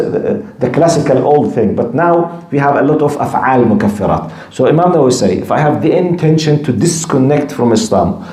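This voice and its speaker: An Islamic teacher gives a religious lecture in a medium-pitched, mellow voice with a roomy sound. Emphatic and repetitive, he switches between quoted Arabic and English explanation.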